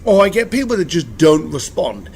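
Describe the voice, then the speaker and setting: Animated, blunt man telling stories. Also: on the high side, normal speed, slight background noise. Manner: blunt, animated storytelling with profanity. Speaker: interview guest. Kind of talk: casual conversational interview.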